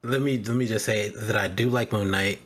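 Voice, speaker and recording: Slightly husky man venting show gripes. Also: fairly low pitch, fairly even intonation. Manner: frank, venting gripes with quick asides. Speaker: podcast co-host. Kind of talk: casual chat discussing a TV show.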